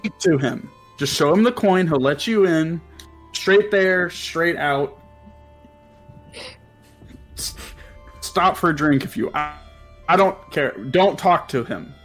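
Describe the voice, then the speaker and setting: A man's voice: a little high, slow pace, long pauses, fairly bright tone, faint music behind. A man voicing an exasperated male club owner who scolds and sighs at a worker. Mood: stern.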